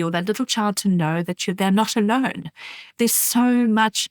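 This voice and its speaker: A middle-aged woman hosting a solo podcast, coaching listeners gently and softening her voice when she models soothing words for babies. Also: mid-range voice, moderate pace, no echo, studio quality. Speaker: podcast host. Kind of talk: solo podcast advice talk.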